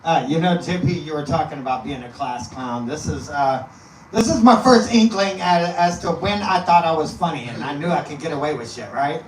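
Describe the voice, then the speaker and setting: A man's voice: a little high, a little fast. A man from East Texas, a comedian guest, telling a profane, rambling story and laughing through his punchlines. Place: live comedy venue. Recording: echoey room, mic at a distance, faint noise.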